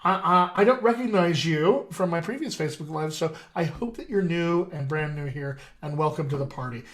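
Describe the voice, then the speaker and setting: A man's voice: a little high, moderate pace, fairly bright tone. A man, a dialect coach, hosting a live video stream in a playful, chatty way and talking straight to his viewers over a video call setup. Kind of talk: casual live-stream chat.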